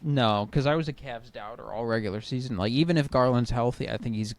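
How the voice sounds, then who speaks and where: A man's voice: mid-range voice, brisk. A young man co-hosting a casual sports podcast, laid-back and hesitant, often restarting his sentences. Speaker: podcast co-host.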